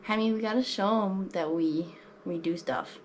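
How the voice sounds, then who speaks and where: A woman's voice: medium pitch, moderate pace, background noise. A woman chatting casually as she shows how she cares for her pet, with lots of fillers and cooing baby talk for the animal. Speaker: exotic pet keeper. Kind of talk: casual pet care vlog. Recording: background music.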